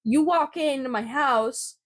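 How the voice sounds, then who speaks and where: A young woman co-hosting a podcast in casual chat, animated, swearing freely and laughing often. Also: high-pitched, slow pace. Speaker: podcast co-host.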